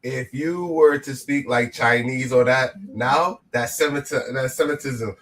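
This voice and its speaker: Dude rambling on a late-night podcast, jokey, keeps restarting. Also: male voice, mid-range voice, measured pace, few pauses, a bit bright. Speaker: podcast co-host. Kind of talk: casual chat.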